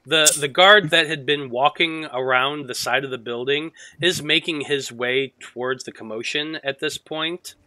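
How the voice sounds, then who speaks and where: A man narrating as game master with a bright, sharp tone. The sound is dry and close. He tells the scene loosely, swears freely and restarts his sentences. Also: a little high, a little slow, few pauses, no echo, poor audio.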